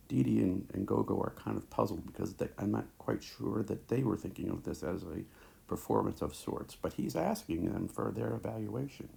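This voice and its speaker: A man teaching a recorded lecture over slides, talking haltingly with many fillers and restarts, into a tablet mic. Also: lowish voice, vocal fry, dark tone.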